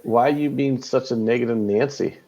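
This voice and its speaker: A man's voice: mid-range voice, brisk, mellow. Joking male host on dull stream audio. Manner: joking, self-deprecating banter. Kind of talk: casual live betting stream chat.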